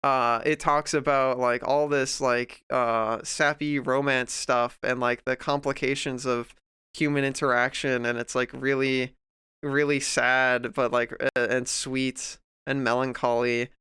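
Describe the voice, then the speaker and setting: A man's voice: medium pitch, little pitch movement, unhurried, sharp tone, clear, resonant tone, no room sound. A man streamer chatting casually while he draws, rambling and heartfelt, full of fillers and restarts, close to the mic at home. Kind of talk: casual livestream chat while drawing.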